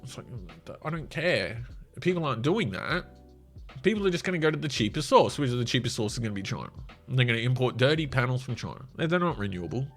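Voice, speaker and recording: An Australian man rants bluntly and profanely through a casual feed-scrolling commentary, his voice gravelly with fry. His pitch swings widely, and faint music sits underneath. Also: sing-song, racing.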